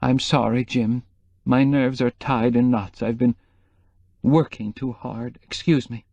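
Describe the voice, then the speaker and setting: Curt disdainful woman, raised pitch, storybook figure, as a man voices her, dry sound. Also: fairly even intonation, measured pace, warm tone, dry recording, muffled recording. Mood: weary. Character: sharp-tongued moody woman, a potter's wife.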